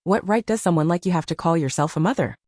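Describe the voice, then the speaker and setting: A man's voice: a little high, quick pace, a little mellow, dry recording, clean studio sound, natural voice. A woman reading the lines of a stern, cold wealthy father in a storybook, speaking curtly. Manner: cold and curt.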